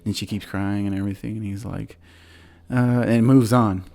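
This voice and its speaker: A man with a lowish voice, chatting loosely as he recaps a film for his podcast. He wanders through the plot with plenty of "like"s and restarts, breaking into short laughs along the way. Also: fairly even intonation, normal speed, vocal fry, darkish tone. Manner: rambling, filler-heavy, laughs often. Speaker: podcast host. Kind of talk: casual chat, retelling a movie plot.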